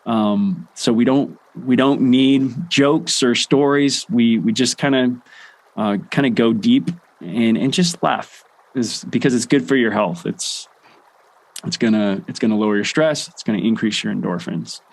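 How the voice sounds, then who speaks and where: A young adult man guiding a laughter meditation session in a relaxed way, with many fillers and restarts. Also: mid-range voice, measured pace. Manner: chanting rhythmic ho ho ha ha. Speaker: meditation guide.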